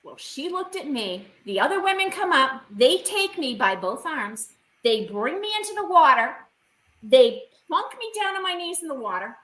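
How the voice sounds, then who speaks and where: A woman with a bright, slightly high voice tells an emotional personal story as an interview guest. Her telling is vivid and heartfelt. She is on a video call in an echoey room. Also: big pitch swings, moderate pace. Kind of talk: recounting a personal experience in an interview.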